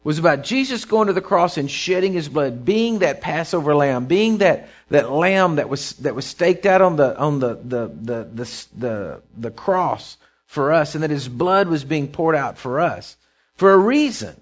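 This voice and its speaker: A pastor delivers his sermon in a high, light voice, swelling loud through runs of repeated phrases and sinking quiet between them. The recording sounds muffled and lo-fi, like a church tape. He is a man preaching to his congregation. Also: expressive, a little slow. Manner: preaching with rising and falling intensity, repeating phrases.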